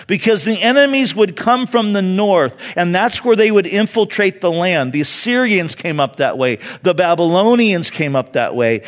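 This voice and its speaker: A man from California preaching a conversational sermon in a church, with dramatic pauses. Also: high voice. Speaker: pastor.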